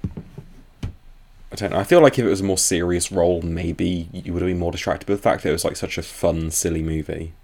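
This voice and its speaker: A man's voice: deep voice, fairly even intonation, a little fast, gravelly, darkish tone. A Scottish man co-hosting a podcast, chatting casually with dry, blunt replies. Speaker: podcast co-host. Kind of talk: casual chat.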